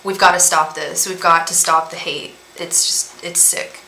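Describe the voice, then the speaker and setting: A woman's voice: on the low side, level tone, unhurried, pushed and bright, echoey room, slight background noise, low-quality recording. A woman, a tarot reader on a casual livestream, talking in a rambling way full of fillers and restarts. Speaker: tarot reader and psychic medium.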